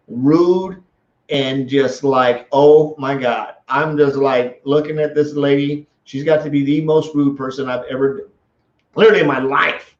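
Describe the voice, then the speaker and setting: A man hosting a casual live stream, telling stories in an animated way and often restarting his sentences. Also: fairly high pitch. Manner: animated storytelling with many restarts. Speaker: host. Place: small office room. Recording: echoey room, dull lo-fi sound.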